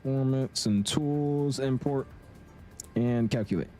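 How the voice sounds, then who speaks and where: A young man casually commentating his flight simulator live stream, chatting with viewers in a relaxed, slangy way. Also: medium pitch, slow pace, faint music behind. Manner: laid-back, chatty, slangy, reads chat aloud.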